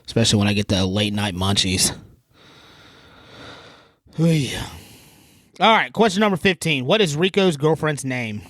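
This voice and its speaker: Guy cohosting a podcast, lively voice, cracking crude jokes, dry close sound. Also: mid-range voice, normal speed, pauses often, no echo. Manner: jokey, crude banter. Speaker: podcast co-host. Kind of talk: casual chat.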